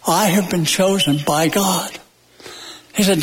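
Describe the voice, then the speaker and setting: A male pastor delivers a sermon in a high voice, taking his time and leaning on repeated phrases with long dramatic pauses. He slips in folksy jokes between points. The sound rings with the long reverb of a church sanctuary. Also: steady tone, slight background noise. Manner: folksy and joking.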